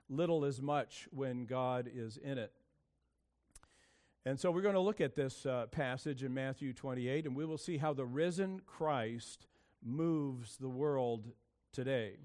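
A man's voice: medium pitch, darkish tone. A man preaching a sermon, opening with prayer and explaining word origins in an easygoing, thinking-aloud way. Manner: casual, thinking aloud with fillers. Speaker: pastor.

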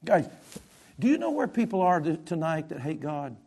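A man preaching a sermon as pastor, with impassioned delivery that swings between loud and soft. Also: a little high, big pitch swings, moderate pace, breathy edge.

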